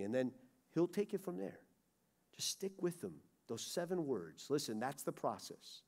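A middle-aged man preaching a sermon, swinging from loud urgency to hushed pleading. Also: a little high, big pitch swings, unhurried. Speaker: pastor. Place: church sanctuary.

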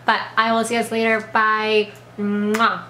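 A woman's voice: medium pitch, completely flat delivery, unhurried, pushed and bright. A woman with a sore throat giving an emphatic, indignant opinion in a casual vlog, peppering her speech with "like". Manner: emphatic, indignant, heavy use of "like". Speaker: vlogger. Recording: echoey room with faint background noise.

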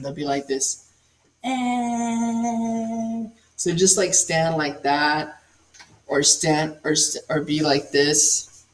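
Animated young man leading an acting workshop. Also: a little high. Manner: animated, demonstrative, filler-heavy with frequent "like". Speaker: actor and singer leading a workshop. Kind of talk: casual acting workshop talk.

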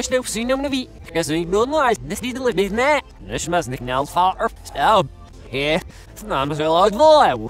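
A man in excited gaming chatter, firing off quick shouty callouts while he plays. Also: high voice.

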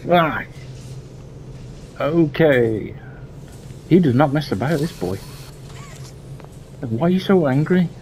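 Swearing gamer with lively pitch. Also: male voice, takes it slowly, pauses often, a little hiss or hum, rough recording. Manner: swears a lot and yelps when startled. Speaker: gameplay streamer. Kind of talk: horror game playthrough commentary. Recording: game music loud behind voice.

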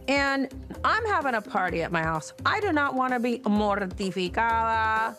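A woman's voice: a little high, sing-song, a little slow, pushed and bright, soft background music. A woman in her fifties, a cast member on a reality show, talking in a chatty, playful way and laughing often in casual chat and confessional asides.

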